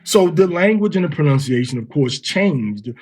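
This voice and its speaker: A man giving an informal lesson, explaining step by step and sounding words out slowly. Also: a little high, very animated, darkish tone. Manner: explains step by step, reads verses aloud slowly. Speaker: Hebrew teacher.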